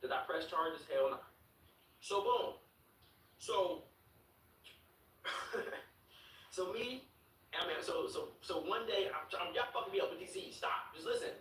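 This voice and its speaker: A young man from Chicago tells a story to his live chat. His voice is bright and swings widely in pitch, full of profanity and stumbling repeats. It sounds roomy, as if the mic sits some way back from him. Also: measured pace, long pauses, recorded from a distance, slight background noise. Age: 20s. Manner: animated, profane, repeats words and laughs while telling the story. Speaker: streamer.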